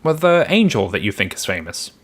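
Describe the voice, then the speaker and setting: A man's voice: lowish voice, sing-song, a little fast. A man co-hosting a podcast, chatting in a laid-back, teasing way. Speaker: podcast co-host. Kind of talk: casual podcast chat.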